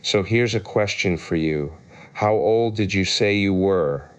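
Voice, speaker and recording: A pompous, touchy egg sitting on a wall, as read by a man in a low, smooth voice. He lectures loftily and picks arguments over every word. The voice stays deep and polished. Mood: lofty. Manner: lofty, argumentative, quick to take offence.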